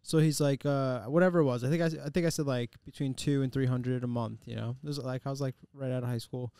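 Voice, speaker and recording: A man's voice: mid-range voice, fairly even intonation, quick pace, warm tone, smooth, dry recording, studio quality. A young man telling a story in casual podcast chat, brash and profane, acting out the dialogue.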